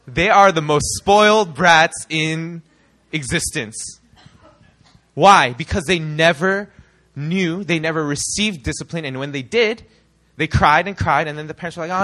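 Young male preacher, from the US, bright ringing tone, animated sermon delivery. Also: a little high, unhurried. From United States. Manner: animated, rhetorical questions to the congregation.

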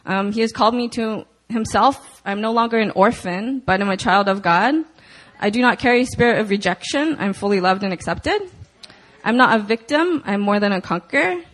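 A woman giving a personal testimony at a church prayer meeting, talking earnestly and softly with hesitant fillers. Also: a little high, rough recording.

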